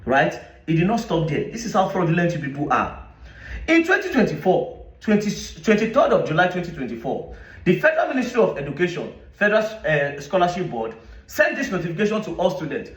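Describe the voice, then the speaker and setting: A social media commentator with a Nigerian English accent reads official statements aloud, then rebuts them with indignant, sarcastic questions. His high voice is sing-song and brisk, and he sounds reverberant and far from the mic.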